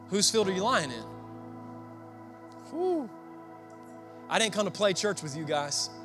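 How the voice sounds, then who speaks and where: Southern preacher, young man, high-ish bright voice, chatty storyteller who quizzes the room. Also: expressive, moderate pace, soft background music. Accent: Southern American. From Southern United States. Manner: storytelling, conversational, asks the crowd questions. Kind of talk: sermon. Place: church before a congregation.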